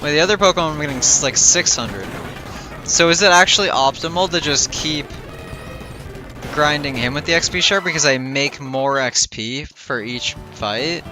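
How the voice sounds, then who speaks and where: A man's voice: a little high, normal speed. A tired young man streaming a game, thinking aloud in a rambling way with lots of fillers. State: tired and yawning. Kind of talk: casual gameplay livestream chat. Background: game music.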